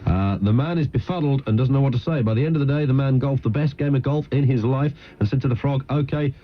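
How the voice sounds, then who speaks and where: Self-mocking radio host. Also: male voice, medium pitch, quick pace, slight background noise. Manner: self-mocking, laughs at his own jokes. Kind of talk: late-night talk radio banter and joke telling. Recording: dull lo-fi radio broadcast.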